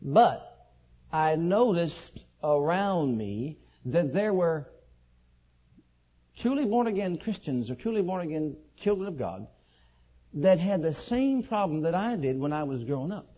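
A man preaching a sermon and telling his own testimony, leaping from high excited outbursts to low quiet asides. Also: unhurried, husky. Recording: dull lo-fi sermon recording.

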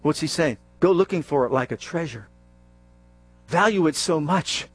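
A man preaching a sermon, reading scripture aloud and calling out questions to the congregation, stressing key words and dropping low for emphasis. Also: animated, normal speed, slightly rough, dry recording. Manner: calls out questions to the congregation and answers them.

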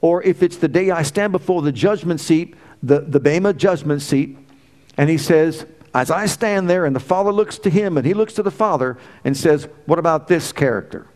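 A middle-aged man preaching a sermon, emphatic and full of rhetorical questions, swinging between loud exclamations and hushed asides. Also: on the high side, normal speed.

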